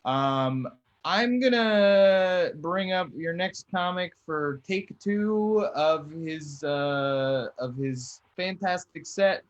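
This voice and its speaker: A man's voice: on the high side, very slow, muffled recording. A man hosting an online comedy show over a video call, joking loosely as he introduces the comics. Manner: loose, joking, laid-back. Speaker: host.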